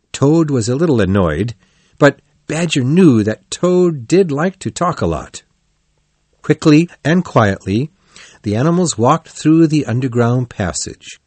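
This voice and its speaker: A man narrating a children's animal story in a measured, clear reading voice. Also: medium pitch, expressive, darkish tone, no echo.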